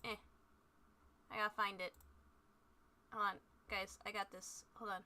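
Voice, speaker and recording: A woman's voice: medium pitch, level tone, unhurried, sharp tone, a little hiss or hum. A woman streaming a game, chatting casually in a bubbly, scatterbrained way and joking at herself. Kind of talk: casual live-stream chat.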